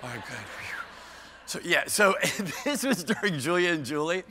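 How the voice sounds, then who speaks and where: A man's voice: a little high, very animated, moderate pace, bright, forceful tone, breathy edge. An older man giving a keynote talk, playful and self-mocking, bantering with the audience by name. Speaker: keynote speaker. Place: large conference hall. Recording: long hall reverb.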